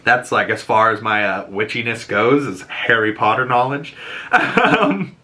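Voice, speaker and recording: A young man with a Boston accent casually recapping a TV episode, animated and laughing often, acting out quotes in higher voices. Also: measured pace. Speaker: show reviewer.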